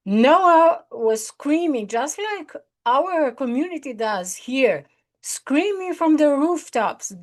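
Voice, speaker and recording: A woman hosts her own prophecy channel and preaches with urgent, earnest warnings. She speaks slowly and often circles back to repeat a phrase. Her voice sits a little high. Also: lively intonation. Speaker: host of an online prophecy channel. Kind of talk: online prophetic sermon.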